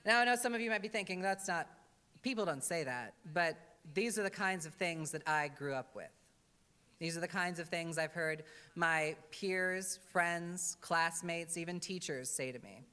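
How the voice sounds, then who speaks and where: A woman's voice: fairly low pitch, moderate pace, sharp tone, smooth. A woman drag entertainer giving a wry, earnest address with comic asides at a church service. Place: church sanctuary. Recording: reverberant church hall.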